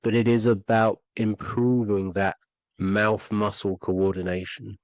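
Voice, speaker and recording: Male speaking coach, earnest, repeats key points, lowish voice. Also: level tone, measured pace, darkish tone, no echo, poor audio. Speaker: communication skills coach. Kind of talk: instructional podcast talk.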